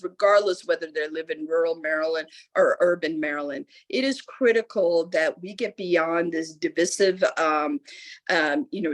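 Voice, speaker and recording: A middle-aged woman from the United States, a lieutenant governor speaking as a guest, telling a story with lively acted-out voices. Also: lowish voice. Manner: animated storyteller acting out quoted voices. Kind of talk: storytelling answer at a public talk.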